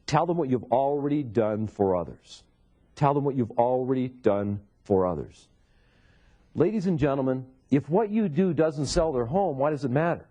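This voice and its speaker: A man's voice: medium pitch, animated, moderate pace, warm tone, lo-fi sound. A man teaching real estate sales to a live seminar audience, often putting questions to the room and repeating key points. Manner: asks the audience rhetorical questions. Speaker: sales trainer. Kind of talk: seminar lecture.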